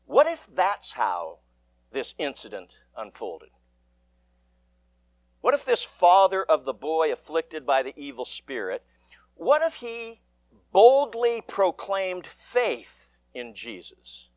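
Lively, slow-paced male preacher. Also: a little high, no echo. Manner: measured, lively preaching with dramatic emphasis. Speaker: pastor. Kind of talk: gospel reading and sermon. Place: church.

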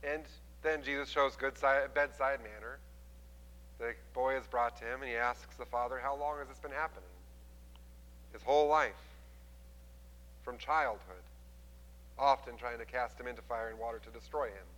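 A man preaching a sermon, retelling a scripture story with lively voices for the people in it. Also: medium pitch, moderate pace, big-room sound, rough recording. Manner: animated storytelling, acting out quoted voices. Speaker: pastor.

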